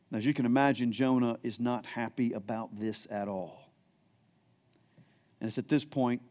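A middle-aged man preaching a sermon, reading scripture aloud and then retelling it in plain, conversational words, moving between emphatic peaks and quiet asides. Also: fairly high pitch. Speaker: pastor.

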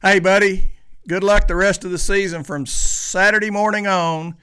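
Easygoing sports podcast host, a bit high. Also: male voice, steady tone, moderate pace, sharp tone, smooth. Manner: easygoing, joking. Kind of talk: casual chat.

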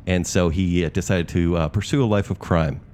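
A young man co-hosting a comedic podcast, chatty and quick to laugh. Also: deep voice, a little hiss or hum. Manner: laughs often, chatty, animated. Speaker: podcast co-host. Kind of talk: comedic role-play chat.

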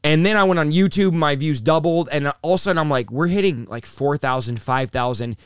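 Pastor guest, thirties, male: animated and fast-talking, slightly high, smooth clear voice, dry close sound. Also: dry recording. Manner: animated, rapid-fire, says bro and dude. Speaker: pastor and revivalist, interview guest. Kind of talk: excited conversational storytelling.

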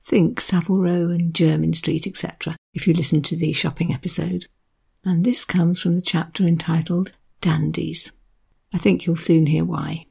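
Gravelly husky woman chatting through a book, reads bits out. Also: on the low side, level tone, moderate pace, mellow. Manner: conversational, explanatory. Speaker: book reviewer. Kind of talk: book review with read extracts.

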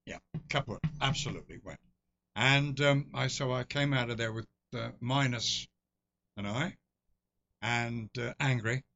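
A man's voice: mid-range voice, measured pace, sharp tone. An older man from England, telling long rambling stories as a guest in a casual interview. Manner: rambling anecdotal storyteller with restarts and laughs. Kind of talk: casual storytelling. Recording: dull lo-fi recording.

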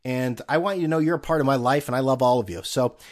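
A man's voice: mid-range voice, fast talker. A man hosting a casual solo podcast, rambling and sarcastic with plenty of profanity. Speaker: podcast host.

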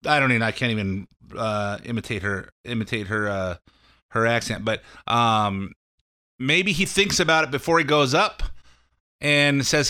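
Bright, clear-voiced man hosting talk radio. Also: medium pitch, unhurried. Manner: rambling, off-the-cuff, many fillers and restarts. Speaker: radio call-in show host. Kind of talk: casual political commentary.

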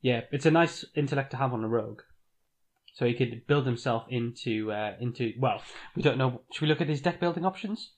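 A man's voice: medium pitch, fairly quick. Easygoing man reading game cards. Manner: easygoing, reads card text aloud. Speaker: podcast co-host. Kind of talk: casual board game discussion.

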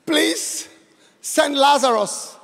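Man doing a tormented rich man in hell, pleading, desperate, high voice, hall reverb. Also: drawn-out words, creaky, fairly bright tone, full character voice.

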